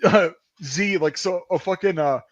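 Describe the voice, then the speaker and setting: A podcast host with a high voice chats casually at normal speed, telling army stories in an animated, loose, and profane way. The recording has a dull lo-fi sound.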